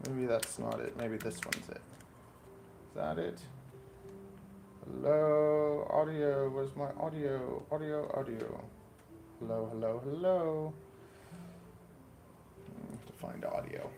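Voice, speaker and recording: A man's voice: mid-range voice, takes it slowly, gravelly, pauses often, music in the background. A man hosting a casual live stream, rambling and muttering to himself while he sets up equipment indoors. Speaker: livestream host.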